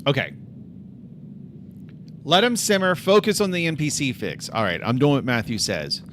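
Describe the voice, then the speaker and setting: Man thinking aloud, lively pitch. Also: normal speed, slight background noise. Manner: thinks aloud, mutters to himself and addresses chat directly. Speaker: game developer streaming his work. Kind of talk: casual livestream chat while coding.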